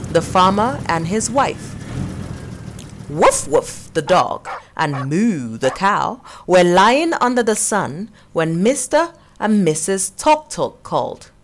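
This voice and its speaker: A woman reading a picture-book story to young children, warm and deliberate. Her voice rises and falls in lively storybook curves, and she keeps an unhurried pace so every word lands. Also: mid-range voice. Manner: warm and slow, speaking to children.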